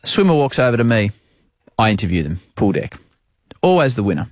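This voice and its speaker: Brief: lively Australian male host, self-mocking storyteller, dry close sound. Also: fairly low pitch, brisk, dry recording. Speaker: podcast host, sports broadcaster. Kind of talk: casual storytelling chat.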